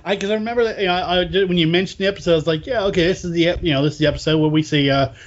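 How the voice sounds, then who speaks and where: A man's voice: sits high, rapid-fire, muffled recording. A man interviewing a guest in a casual chat, often stammering and restarting.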